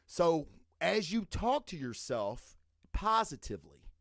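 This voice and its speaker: Profane, animated male motivational host. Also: on the high side, slow, gravelly, no echo, studio quality. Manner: profane, emphatic motivational rant; asks "okay?" and "all right?" after points. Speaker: podcast host. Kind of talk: motivational podcast monologue.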